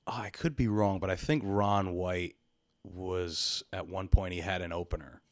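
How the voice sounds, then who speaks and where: A man's voice: deep voice, normal speed, dry recording. A man hosting a podcast in casual chat, laid-back and profane, trailing off into laughs. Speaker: podcast host.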